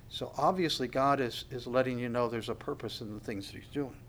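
A man's voice: mid-range voice, fairly quick, few pauses. A man preaching a conversational sermon in a reflective way, asking his listeners questions as he goes.

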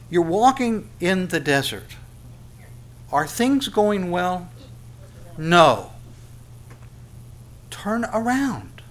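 A man preaching a sermon, animated, asking rhetorical questions and repeating phrases for emphasis. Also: a little high, slight background noise. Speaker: pastor.

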